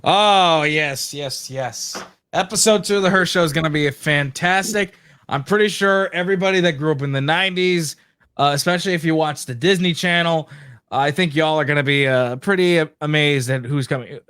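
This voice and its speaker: A man's voice: a little high, normal speed, a bit bright, clean tone. A man co-hosting a casual show chat, enthusiastically plugging upcoming episodes. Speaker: co-host.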